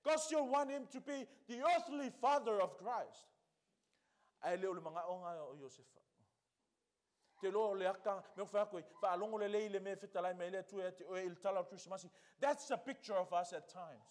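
High-voiced Samoan-accented pastor. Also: male voice, a little fast. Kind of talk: sermon. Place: church.

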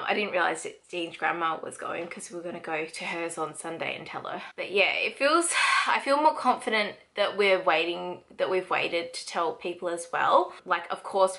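A woman's voice: fairly low pitch, pushed and bright. A young woman with an Australian accent, chatting casually in a vlog, laughing often and acting out what others said. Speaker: vlogger. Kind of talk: casual chat.

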